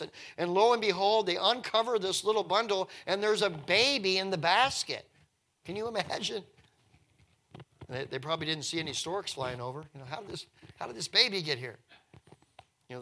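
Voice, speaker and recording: Animated, bright-voiced male preacher. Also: fairly high pitch. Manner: animated storytelling, swinging from hushed to loud, repeats words. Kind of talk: sermon.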